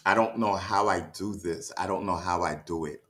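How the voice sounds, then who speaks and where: A man with a lowish voice chats loosely with his live stream audience. He is winded and keeps sighing as he gets his breath back. He stumbles over restarts and keeps checking in with his listeners. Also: steady tone, moderate pace, fairly bright tone. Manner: sighing, stammering restarts, keeps asking "you know what I mean". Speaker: livestreamer reading chat. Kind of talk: casual livestream chat. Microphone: streaming setup mic.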